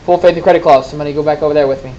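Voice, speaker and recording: A man's voice: a little high, fairly even intonation, rapid-fire, dark tone, muffled recording, a little hiss or hum. Male teacher quizzing a class. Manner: conversational, quizzing students, folksy asides. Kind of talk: classroom lecture with questions.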